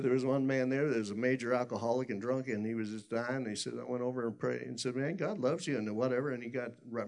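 Gravelly-voiced man preaching a sermon. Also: mid-range voice, darkish tone. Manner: rambling storytelling with many restarts.

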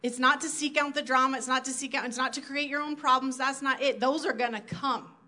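A woman's voice: sits high, steady tone, brisk, bright, forceful tone. A woman from South Dakota giving an earnest, conversational sermon to her church, acting out her own inner thoughts as she goes. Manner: earnest, conversational preaching with acted-out inner quotes. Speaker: church speaker.

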